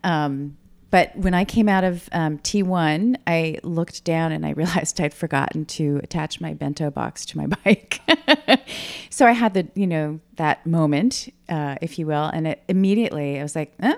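Warm-toned low woman guest, upbeat and chatty, laughs easily. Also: moderate pace, gravelly. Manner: enthusiastic, laughs often, many fillers. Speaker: podcast guest. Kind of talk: casual chat.

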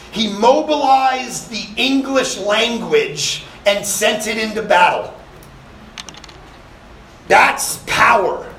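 Animated preaching man in an echoey room. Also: sits high, a little hiss or hum. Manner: animated preaching, punching lines with rising volume; conversational asides to young listeners. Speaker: pastor. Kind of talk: sermon. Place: summer camp session.

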